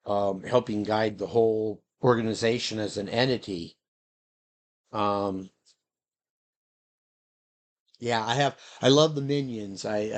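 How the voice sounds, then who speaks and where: A man's voice: on the low side, a little mellow. A man vlogging in a loose, rambling monologue, musing aloud and drifting between thoughts. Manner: meandering, playful, breaks into silly dog noises and voices.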